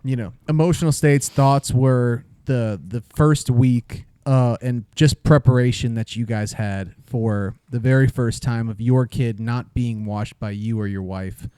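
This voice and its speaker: A man in his thirties co-hosting a podcast, talking in a halting way with many filler pauses. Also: mid-range voice, steady tone, warm tone, smooth, no room sound, clean studio sound. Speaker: podcast co-host. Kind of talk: casual chat.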